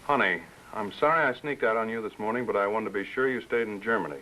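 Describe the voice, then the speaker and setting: A man's voice: fairly low pitch, fast talker, over music, natural voice, rough recording. An actor playing a joking, teasing American businessman-adventurer, in 1950s TV drama style.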